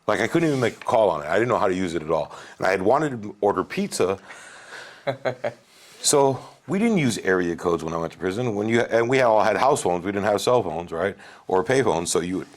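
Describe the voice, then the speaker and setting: A man in his forties from Wisconsin, a podcast guest telling his life story in a casual, animated and profane way, often asking "right?". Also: lowish voice, a little fast.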